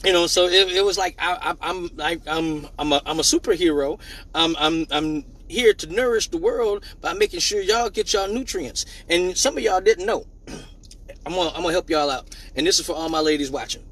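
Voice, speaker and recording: Husky high-voiced man hosting a livestream. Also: moderate pace, rough recording. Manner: joking mock-serious preaching, loud bursts of laughter. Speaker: live show host. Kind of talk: crude comedic live stream chat.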